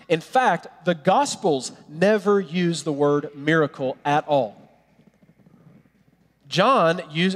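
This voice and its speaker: High-voiced pastor preaching in a reverberant hall. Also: male voice. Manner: animated storytelling, acting out characters' lines. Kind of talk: sermon.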